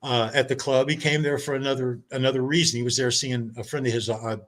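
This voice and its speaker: A man telling a long anecdote as a podcast guest, animated and acting out quoted dialogue, over a video call. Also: mid-range voice, quick pace. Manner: animated storyteller, acts out quoted voices. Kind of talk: casual storytelling chat.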